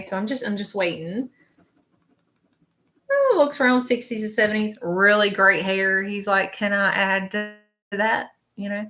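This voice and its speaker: A woman's voice: mid-range voice, bright, forceful tone. A woman hosting a live stream as a spiritual medium, chatty and reassuring, repeating messages and checking in with the viewers. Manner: chatty, repeats phrases, relays messages as quotes; reassuring, keeps checking in with "okay?". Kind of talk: live stream psychic reading.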